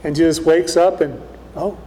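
High-voiced man preaching in a hall. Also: steady tone, normal speed, warm tone. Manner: conversational, repeats "right?" often. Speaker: pastor. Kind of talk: sermon.

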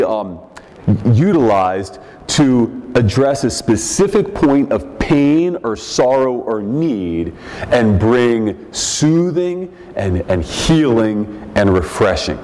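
Slow-speaking male pastor in a reverberant hall. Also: medium pitch, a little mellow, a little hiss or hum. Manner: measured, teaching tone with frequent word repeats. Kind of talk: sermon. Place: church sanctuary. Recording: long reverb of a large hall.

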